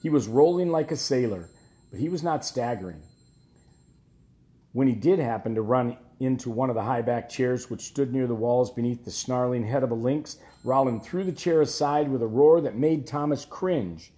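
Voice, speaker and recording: A man reading a novel aloud in a measured, steady way. His voice is dark and mellow. The reading rings in an echoey room. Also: medium pitch. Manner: measured storytelling, dropping quiet at tense moments. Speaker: audiobook narrator. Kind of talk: scripted narration.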